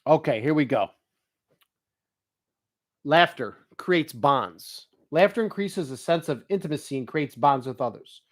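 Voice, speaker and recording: A man's voice: on the high side, fairly quick, few pauses. A middle-aged man talking in a casual vlog monologue, telling funny stories, swearing freely and reading notes aloud. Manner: animated storyteller who swears and laughs freely. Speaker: motivational vlogger.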